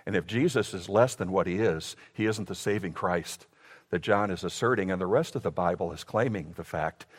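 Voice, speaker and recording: A male pastor preaching a sermon emphatically, his delivery swinging from loud declarations to hushed lines. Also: sits low, a little fast, long reverb tail.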